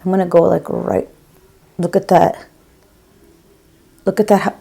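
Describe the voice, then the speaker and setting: Gushing middle-aged woman, low voice. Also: little pitch movement, a little slow, creaky, dark tone, husky. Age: 40s or 50s. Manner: gushing, chatty, calls viewers girl. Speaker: beauty vlogger and OR nurse. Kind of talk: casual makeup review to camera.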